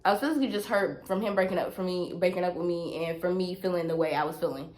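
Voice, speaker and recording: A woman's voice: fairly low pitch, fast, darkish tone. A young woman telling a personal story on her vlog, emphatic and repetitive, talking straight to her viewers. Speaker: vlogger.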